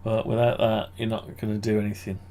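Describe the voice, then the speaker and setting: A man's voice: lowish voice, completely flat delivery, a little fast, mellow. A man walking through his amateur radio antenna project on screen, thinking aloud and correcting himself as he goes. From United Kingdom. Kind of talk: casual screen-share walkthrough.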